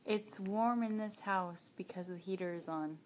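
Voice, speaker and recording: A woman in casual chat with her sister, speaking slowly and hesitantly and often trailing off with "um". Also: medium pitch, slight background noise. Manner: hesitant, slow, soft-spoken.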